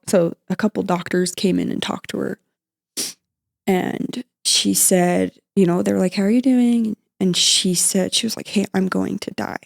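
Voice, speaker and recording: A young woman guest on a podcast, recounting her mother's hospital visit in a halting, emotional way, with many fillers and restarts. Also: lowish voice, gravelly, a little mellow. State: emotional, near tears at times. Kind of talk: emotional personal storytelling.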